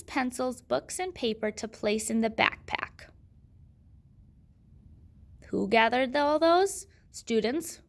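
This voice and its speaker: Slow, patient woman teaching a lesson. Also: a little high, fairly bright tone. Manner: slow, patient teacher, asking and answering her own questions. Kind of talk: classroom grammar lesson.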